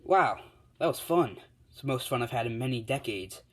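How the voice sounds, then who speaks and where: A man's voice: lowish voice, moderate pace, close to an everyday voice. A man voicing a curious, cheerful young male dragon in human form, told as a spoken fan story.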